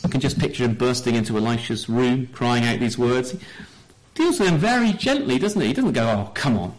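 A man preaching a sermon in a church, telling a Bible story with lively questions to the congregation. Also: medium pitch, fairly quick, rough recording.

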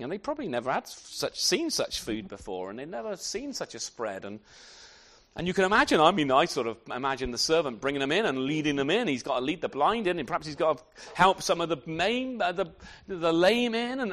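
A man preaching a sermon to his congregation, animated and often repeating words as he restarts his sentences. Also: a little high, brisk. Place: church.

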